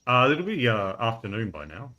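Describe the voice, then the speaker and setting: A man narrating as game master of a tabletop game, relaxed, with frequent laughs and ums. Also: mid-range voice, normal speed. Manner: relaxed, laughs often, fillers while describing.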